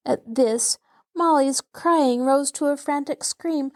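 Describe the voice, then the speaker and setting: Expressive woman reading a children's story. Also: fairly high pitch, slow. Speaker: host and storyteller. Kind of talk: reading a children's novel aloud.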